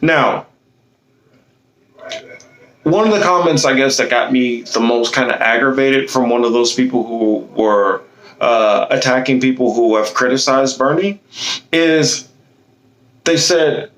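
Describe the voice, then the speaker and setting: A man's voice: mid-range voice, unhurried, pauses often, a bit bright, roomy sound, rough recording. A man delivering a blunt, fiery political monologue, impassioned and swearing freely. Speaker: political commentator.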